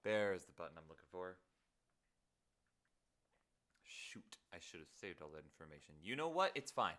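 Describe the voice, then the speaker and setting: A man chats casually with his live-stream viewers while producing a song at home. His voice sits somewhat low yet comes across bright and tense. He mutters half to himself and throws in playful self-mocking asides. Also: big pitch swings, normal speed. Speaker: streamer making music.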